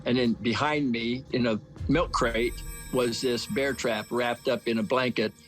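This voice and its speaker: A man's voice: mid-range voice, steady tone, a little slow, poor audio. A man in his seventies telling a story in a plain, folksy way during a documentary interview. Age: 70s. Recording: faint music underneath. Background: faint music.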